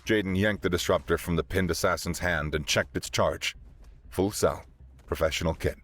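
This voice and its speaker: A man narrating a sci-fi story in a steady, dramatic way. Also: low voice, normal speed.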